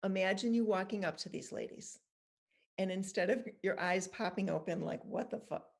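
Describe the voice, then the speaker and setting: A woman's voice: medium pitch, normal speed, creaky. A middle-aged woman guest patiently explaining, step by step, how to handle judgment. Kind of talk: calm guided instruction and anecdotes.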